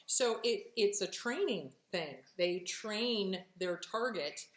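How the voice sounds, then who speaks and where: Speaking slowly in a mid-range voice with a reverberant sound, a woman hosts a show answering relationship questions. She talks straightforwardly and swears freely, emphatically acting out quoted reactions in lively voices.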